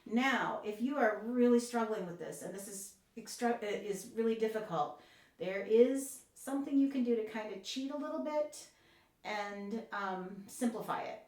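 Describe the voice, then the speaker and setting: A woman's voice: fairly high pitch, moderate pace, a little mellow. A woman oboe professor giving an encouraging, explanatory music lesson. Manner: encouraging, explanatory, with light laughs. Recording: echoey room.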